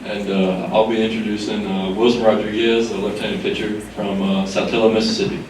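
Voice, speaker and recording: A young college ballplayer making halting introductions, with many fillers. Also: male voice, fairly low pitch, flat delivery. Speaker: college baseball player. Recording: echoey hall, distant mic, loud noise.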